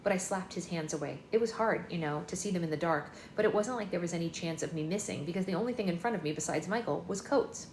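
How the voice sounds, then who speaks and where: A woman's voice: lowish voice, fast talker, hardly any pauses, darkish tone. A woman hosting a book club livestream, reading a novel aloud in a chatty first-person narrating manner, indoors. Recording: echoey room with faint noise.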